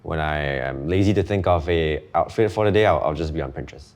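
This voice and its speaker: Young man from Singapore, low voice, relaxed interview guest. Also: fast. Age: young adult. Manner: relaxed, hesitant, with many fillers. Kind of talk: casual interview chat.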